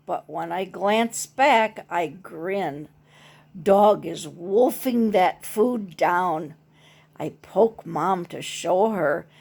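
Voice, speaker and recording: A woman reading a picture book aloud in a gentle way, adding her own comments. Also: medium pitch, gravelly. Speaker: storybook reader.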